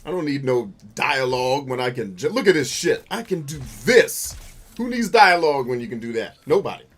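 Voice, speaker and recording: A man hosting a gaming show, riffing through casual gameplay commentary, boisterous and playful, full of slang and swearing, with sudden loud outbursts. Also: mid-range voice, sing-song, a little fast. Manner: boisterous and playful, bursts into loud shouts and laughter.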